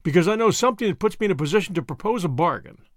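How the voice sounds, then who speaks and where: A man voicing a cool, confident young Englishman who bluffs calmly. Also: sits high, rapid-fire, dry recording, clean studio sound. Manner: calm, confident, scornful.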